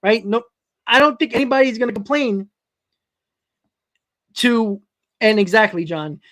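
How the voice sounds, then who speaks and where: A man's voice: sits high, unhurried, a bit bright. A man with a New York accent hosting a live-stream sports talk show, rambling and often correcting himself as he answers his chat. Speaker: host.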